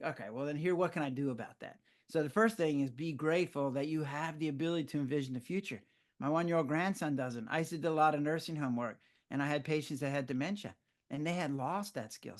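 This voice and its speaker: Animated older man telling stories. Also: a little high. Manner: animated storyteller who acts out his own reactions. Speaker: physician guest. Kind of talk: conversational interview.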